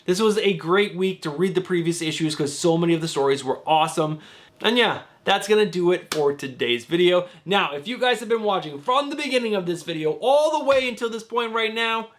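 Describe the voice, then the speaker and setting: A man's voice: sits high, expressive, brisk, a bit bright, slight background noise. A man hosting a casual comic book vlog, talking to his viewers with gushing enthusiasm. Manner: addresses viewers as guys. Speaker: comic book channel host.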